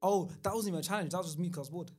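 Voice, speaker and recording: Laid-back lad, guest on a chat podcast, fairly high voice, lots of "yeah". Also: male voice, racing, a little mellow. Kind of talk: casual chat.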